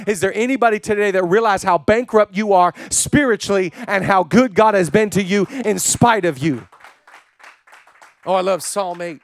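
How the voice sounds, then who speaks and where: A male pastor preaching with a high, bright-pitched voice, building phrases in repeated rhythmic runs. He swings between ringing declarations and soft, near-whispered reflection. The sound is dry and close, with no room around it. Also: normal speed, no echo. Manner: passionate preaching with rhythmic repetition, swinging from loud to hushed. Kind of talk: sermon.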